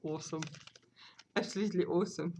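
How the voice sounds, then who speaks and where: A South African woman hosting a knitting podcast, chatting casually and gushing excitedly over gifts and yarn, sometimes dropping to a whisper. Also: on the low side, fast, a little hiss or hum, rough recording. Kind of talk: casual unboxing chat.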